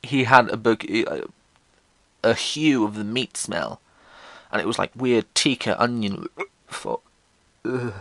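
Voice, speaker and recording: Young English man, posh accent, sardonic sweary vlogger; bright voice, very animated pitch. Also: slow, creaky, long pauses, dry recording. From England. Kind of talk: casual storytelling monologue.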